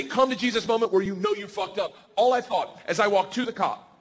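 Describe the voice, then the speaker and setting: A man on a comedy stage telling a story with energetic delivery and shouted punchlines. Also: high-pitched, fast, big-room sound, noisy background. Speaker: stand-up comedian. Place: comedy stage before a live audience.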